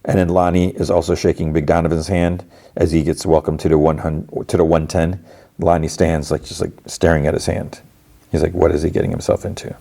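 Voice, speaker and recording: A man's voice: deep voice, flat delivery, fairly quick, dark tone. A man hosting a podcast, casually recapping a cartoon episode in a loose, rambling way. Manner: rambling, lots of "like" and restarts. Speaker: podcast host.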